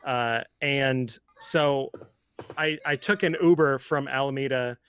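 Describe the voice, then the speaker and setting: A man guest on a podcast, telling a relaxed story in a casual group chat. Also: mid-range voice, takes it slowly, smooth, no echo.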